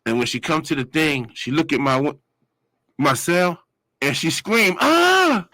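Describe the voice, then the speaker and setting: A man's voice: moderate pace, no echo, rough recording. A man in his forties telling a story in casual street slang, rambling and acting out other people's voices. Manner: animated, acts out quoted voices with sudden high yells.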